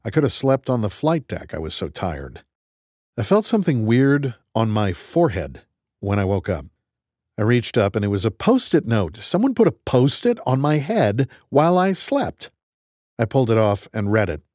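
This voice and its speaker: A man reads a story in the first person, wry and conversational. His pitch sits in the middle, and the sound is dry and close to the mic. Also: very animated, normal speed, a little mellow, no echo. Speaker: audiobook narrator. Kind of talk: first-person audiobook narration.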